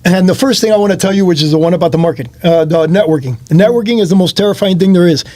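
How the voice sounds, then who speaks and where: A man hosting a casual chat, telling an animated story and acting out the other people's voices. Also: high voice, racing. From Miami area. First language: not Spanish first; speaks English and Spanish. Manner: animated, acts out voices in his stories. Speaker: host.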